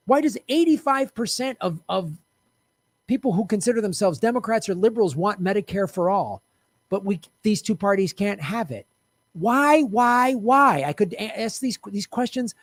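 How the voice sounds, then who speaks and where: Blunt and foul-mouthed, a man delivers a heated political rant to camera, hammering home every point. His voice is high for a man, and the audio is close, dry, and free of echo.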